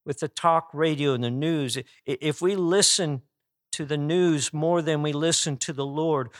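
Slow, earnest preacher man. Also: a little high, no room sound, clean studio sound. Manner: earnest, emphatic preaching with restarts. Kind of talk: sermon.

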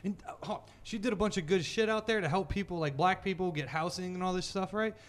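Man, casual chat, profane, animated, laughs often, high voice. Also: fast talker.

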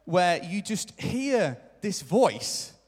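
A high-voiced man delivers an earnest sermon live in a church. His words ring out with a long hall reverb behind them. He stresses his points by repeating them and slips into short quoted remarks. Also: big pitch swings, drawn-out words, breathy edge. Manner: earnest, repetitive emphasis, acts out quoted lines. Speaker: preacher.

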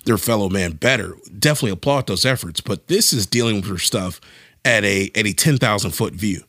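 A man co-hosting a podcast, talking in an animated, casual way and thinking aloud with frequent restarts. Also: fairly low pitch, fairly quick, no room sound, clean studio sound. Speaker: podcast co-host. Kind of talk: casual discussion.

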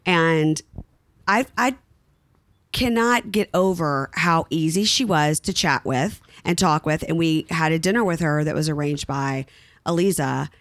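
A woman's voice: sits low, a little slow, dry recording. A woman guest on a casual podcast chat outdoors, wry and self-deprecating. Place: outdoors at a house.

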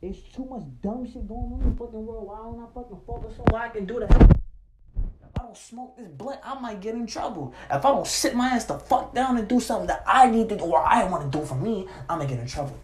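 A young man rants to camera in a high voice, talking fast with few pauses in a heated, profane monologue packed with repeated "bro" and restarts. The recording is very noisy, with a roomy echo and faint ambience.

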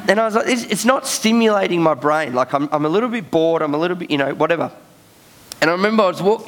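A young man preaches in a casual storytelling style, slipping in fillers and laughing as he goes. His voice sits a little higher than most men's. He sounds loose and animated rather than formal. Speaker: pastor. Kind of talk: sermon storytelling.

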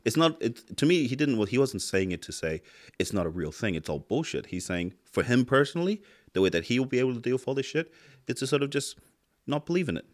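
A man's voice: medium pitch, very animated, fast talker. A man, co-hosting a podcast in casual chat, talking with heated emphasis and heavy swearing. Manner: impassioned, swears a lot, rising emphatic outbursts. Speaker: podcast co-host.

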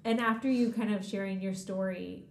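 A woman's voice: medium pitch, steady tone, moderate pace, darkish tone, reverberant, a little hiss or hum. A woman interviewer talking in an emotional, chatty way in a casual conversation.

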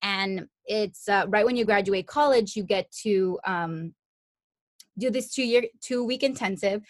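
A woman's voice: medium pitch, a little slow, no room sound. A young woman talking in a reflective, earnest and chatty way in a casual conversation. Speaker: conversation partner. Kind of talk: casual chat.

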